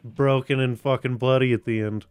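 A man's voice: mid-range voice, fairly even intonation, moderate pace, smooth, no echo. A man hosting a podcast, chatting casually, rambling, swearing and restarting often. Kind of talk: casual chat.

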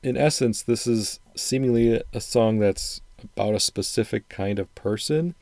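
A man's voice: fairly low pitch, moderate pace, a little mellow, no room sound. A middle-aged man from Wisconsin with a faint upper Midwestern American accent, hosting a casual solo show and talking in a thoughtful, rambling way with frequent restarts. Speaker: podcast host reviewing songs.

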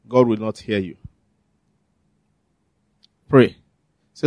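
A man leading a congregation in prayer, slow, pleading and fervent. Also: mid-range voice, no room sound, clean studio sound. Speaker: prayer leader.

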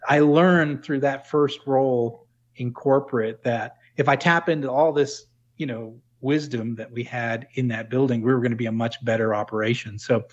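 A middle-aged man from New England talks through his working life in a relaxed, reflective interview, circling back on his phrases with restarts and "you know" fillers. His voice sits at an ordinary pitch, and the recording sounds a little muffled and lo-fi. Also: normal speed. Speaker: guest, former corporate plant manager. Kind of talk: conversational interview.

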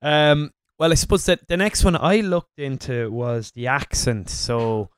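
A man co-hosting a history podcast, talking casually in a relaxed, rambling way with plenty of fillers. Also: medium pitch, a little slow, clear, resonant tone, no echo. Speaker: podcast co-host.

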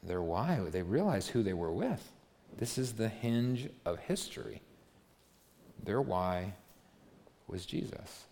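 A man's voice: on the low side, sing-song, takes it slowly, vocal fry, long pauses, darkish tone, a little hiss or hum. A pastor giving a chatty, story-driven sermon who keeps checking in with the listeners and acts out the lines of the people in his story. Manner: conversational storytelling, keeps asking "right?", acts out quotes. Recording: long hall reverb.

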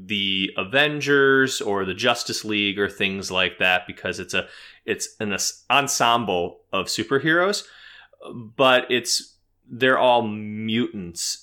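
A man's voice: fairly low pitch, a little slow, bright, forceful tone. A man casually explaining a cartoon series on a podcast, rambling with many fillers.

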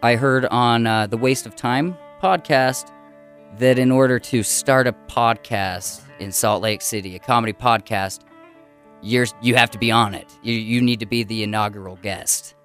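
Excitable man hosting a comedy podcast. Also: medium pitch, moderate pace, faint music behind. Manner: excitable, laughs often. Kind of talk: casual chat.

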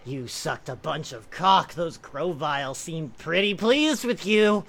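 A woman hosting a group call and reading a joke quiz aloud in a playful mock-hypnotic voice, sliding between slow soothing murmurs and loud giggly shouts. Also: deep voice, animated, slight background noise.

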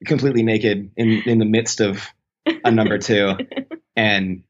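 A man with a low voice tells a long personal story in a relaxed, conversational way. He trips over his words and restarts his sentences often. The recording sounds dull and muffled. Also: a little slow. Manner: rambling, self-correcting, animated when quoting. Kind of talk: casual anecdote.

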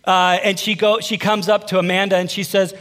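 A man in his thirties, a young adults pastor, preaching a sermon in an animated, conversational way, calling out for amens from the room. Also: sits high, a little fast.

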